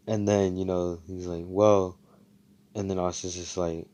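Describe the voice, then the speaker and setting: A man's voice: deep voice, level tone, a little slow, warm tone. A young man casually retelling a story, rambling and swearing, full of slang and self-corrections.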